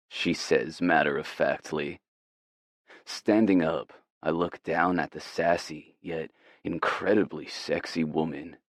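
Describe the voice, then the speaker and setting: Deep, slow male audiobook narrator. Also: dry recording, clean studio sound. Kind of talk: scripted first-person audiobook narration.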